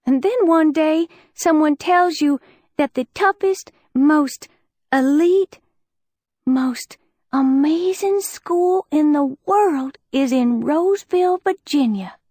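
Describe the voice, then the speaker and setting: Woman doing teenage schoolgirl, insecure, high raised voice, cracking, audiobook, dry close sound. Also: slow pace, dark tone, no echo. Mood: impassioned. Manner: raised, cracking, emotional outbursts. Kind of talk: audiobook character voice.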